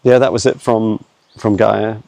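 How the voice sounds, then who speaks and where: A man, talking haltingly with many fillers as he channels answers while walking his dog in the woods, filmed on a handheld phone. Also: fairly low pitch, little pitch movement, creaky, darkish tone, no room sound. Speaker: psychic channeler. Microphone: handheld phone camera.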